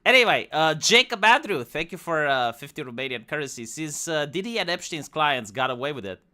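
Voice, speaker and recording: This is a man from Eastern Europe hosting a live stream and chatting casually with a guest. His voice is bright and a touch high, and his pitch swings widely. He talks in an animated, mocking way. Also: brisk. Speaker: stream host.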